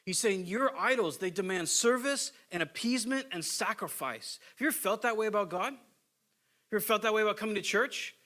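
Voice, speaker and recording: A man's voice: high voice, expressive, moderate pace, pushed and bright. A middle-aged male pastor preaching a sermon in a conversational, storytelling way, acting out the quotes he tells.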